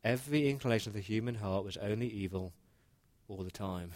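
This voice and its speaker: Speaking as Noah, a humble and earnest older man, a male pastor retells the flood in the first person during his sermon. His voice is lowish and natural, his pace moderate, and his feeling earnest and conversational.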